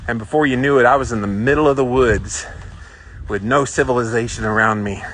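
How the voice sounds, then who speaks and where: A man's voice: mid-range voice, a little fast, a bit bright, a little hiss or hum. Chatty man on a livestream walk. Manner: chatty, reads out viewer comments and greets viewers. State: walking outdoors. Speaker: livestream host. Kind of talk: casual livestream chat. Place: outdoors on a walk.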